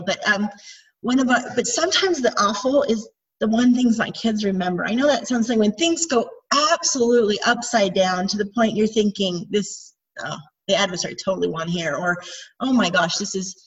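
Breathy middle-aged woman telling stories, distant. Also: medium pitch. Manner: chatty, rambling, self-deprecating. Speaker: mother sharing with a group. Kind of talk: casual personal storytelling. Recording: distant, dull lo-fi recording.

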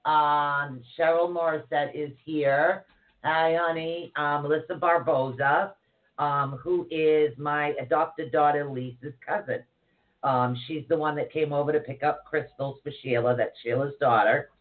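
A chatty woman co-host who rambles and jokes through a casual livestream chat. Her voice comes through narrow and tinny, like a phone line. She greets people warmly by name as she talks. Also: sits low, steady tone, a little slow.

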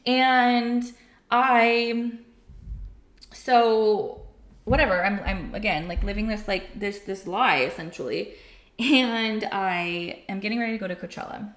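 A woman's voice: mid-range voice, steady tone, slow, fairly bright tone. A young woman telling a personal story in casual chat, candid and profane, saying "like" constantly. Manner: candid, profane, heavy use of "like". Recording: roomy echo.

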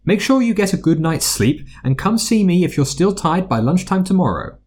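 A man voicing a brisk, kindly middle-aged female school nurse in a storybook reading, with a husky voice. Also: high-pitched, big pitch swings, a little mellow, pitched above the performer's own voice, full character voice.

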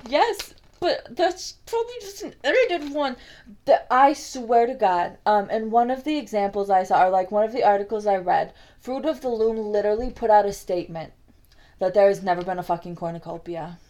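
A woman's voice: medium pitch, expressive, normal speed, a little mellow. A young woman co-hosting a casual podcast chat, profane and laughing, teasing in mock exasperation. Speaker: podcast co-host.

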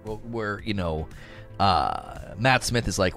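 A man chatting casually on a livestream, rambling and animated as he reads chat aloud. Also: low-pitched, normal speed, soft background music. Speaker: streamer reading chat.

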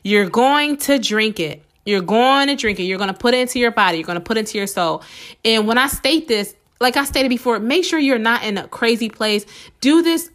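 A woman hosting a motivational podcast, talking fast and excitedly while she repeats each step, and a little under the weather with a slightly sore throat. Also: fairly high pitch. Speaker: podcast host. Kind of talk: casual motivational podcast talk.

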